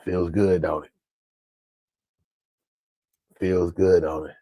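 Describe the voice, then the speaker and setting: A man ranting bluntly with a deep, dark, husky voice. He talks slowly and drags out his words. The sound is dry and close, with hardly any room around it. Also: little pitch movement, dry recording. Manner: blunt, profane, emphatic. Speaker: sports commentator vlogger. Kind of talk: ranting fan commentary.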